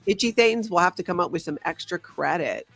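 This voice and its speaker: A woman's voice: on the low side, expressive, fast talker, fairly bright tone, dry recording, soft background music. A woman hosting a live-stream quiz, reading viewer names and scores aloud. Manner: reads out chat names and scores, upbeat. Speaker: host. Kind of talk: live-stream game chat.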